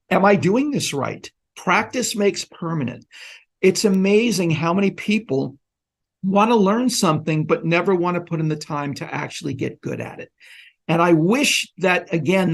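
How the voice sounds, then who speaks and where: Earnest man explaining trading principles. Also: sits high. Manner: earnest, instructive. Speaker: trading educator guest. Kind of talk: casual chat.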